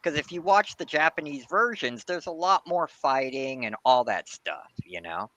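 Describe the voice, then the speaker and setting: American guy, animated and bright, dry close sound, enthusiastic chat. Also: a little high, moderate pace, no room sound, highs cut off. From United States. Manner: enthusiastic, says "man" and "dude" a lot. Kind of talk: casual chat.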